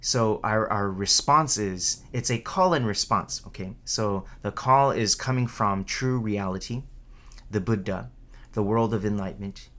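A man's voice: fairly low pitch, unhurried, fairly bright tone. A man giving an informal Buddhist dharma talk in a conversational way, tagging sentences with "right?" and restarting often, raising his voice when acting out the quoted calls. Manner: conversational, keeps asking "right?", restarts and repeats words; acts out quoted calls with a raised voice.

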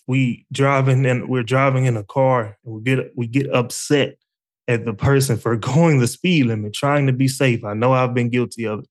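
A man's voice: mid-range voice, steady tone, moderate pace. A man hosting a casual faith talk, reflective and conversational, with frequent fillers. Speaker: faith podcast host.

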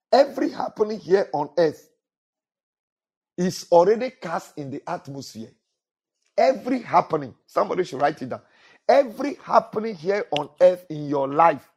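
A man with a somewhat high, husky voice preaches a sermon. He repeats his phrases and keeps asking the congregation to answer back. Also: a little mellow. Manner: repetitive preaching with call-and-response questions to the congregation. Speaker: pastor.

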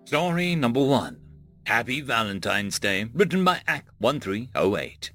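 A man's voice: mid-range voice, sing-song, unhurried, pushed and bright, soft background music. A man narrating a science fiction story in an audiobook style.

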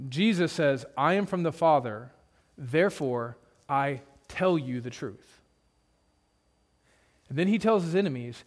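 Conversational, higher-voiced male pastor preaching. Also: lively intonation, measured pace, long pauses. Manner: conversational preaching with humorous asides; repeats points for emphasis. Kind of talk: expository sermon.

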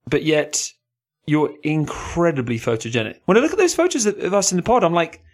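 A man's voice: a little high, animated, fairly quick. A man hosting a podcast in casual chat, teasing his co-host and swearing freely.

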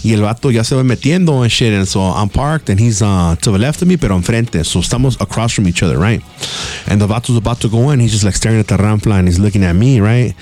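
A man's voice: fairly low pitch, fast, darkish tone. A man who hosts a podcast, telling a rambling, profane story in casual street talk. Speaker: podcast host.

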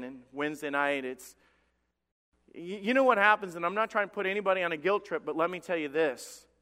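In a church sanctuary, a male pastor preaches a sermon in a high-pitched, pushed, bright voice. Passionate and emphatic, he often repeats words as he builds, and a long church reverb fills the recording.

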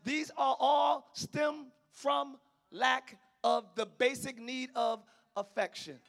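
Male preacher; bright, sharp tone, animated delivery with sudden shouts. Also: very high-pitched, slow, creaky. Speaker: pastor. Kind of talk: sermon.

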